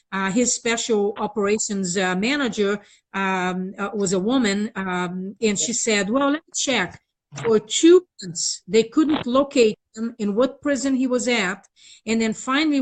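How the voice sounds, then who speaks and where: Halting woman telling her story. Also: mid-range voice. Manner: halting, many "uh" fillers, recounting events with rising indignation. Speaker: guest, victims' rights advocate. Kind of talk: conversational interview.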